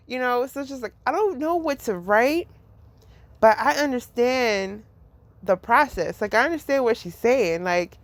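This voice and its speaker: A woman's voice: a little high, no echo. A woman hosting a podcast, talking in a rambling, profane way about faith. She laughs often and says "like" constantly. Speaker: podcast host. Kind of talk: casual spiritual reflection.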